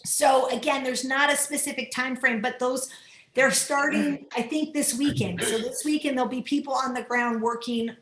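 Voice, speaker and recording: A woman's voice: high voice, a bit bright. A woman coordinating volunteers in a training video call, talking earnestly and with emotion, often laughing between her words. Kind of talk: Zoom training talk. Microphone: computer mic on a video call. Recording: roomy echo on a video call.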